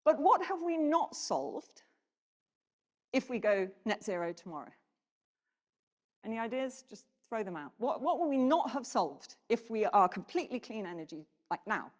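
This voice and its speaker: A woman delivers a conference keynote with a lively, swooping voice that sits on the higher side. She keeps turning questions out to the audience. The sound carries a long reverb from the hall. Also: normal speed, pauses often. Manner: animated, engages audience with questions. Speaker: keynote speaker. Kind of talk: conference presentation.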